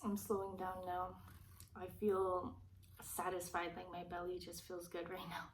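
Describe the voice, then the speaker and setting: Woman mukbang vlogger, low-pitched, soft and rambling, slightly off-mic. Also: flat delivery. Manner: soft-spoken and rambling, pauses between bites. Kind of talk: casual chat while eating. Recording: slightly distant mic with faint hiss.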